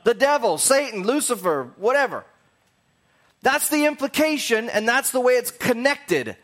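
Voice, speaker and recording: A man's voice: very high voice, sing-song, moderate pace, fairly bright tone. A man teaching a casual sermon, conversational and rambling with jokey asides.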